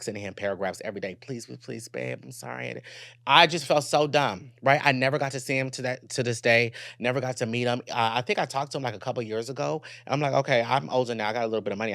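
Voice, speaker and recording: A young man hosting a solo podcast, telling a personal story in a candid, profane, animated way and talking straight to his listeners. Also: mid-range voice, no room sound. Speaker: podcast host.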